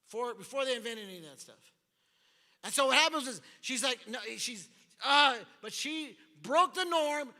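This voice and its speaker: A man preaching a sermon as pastor, animated, acting out the voices from the scripture story. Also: extremely high pitch. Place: large church hall. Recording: long church hall reverb.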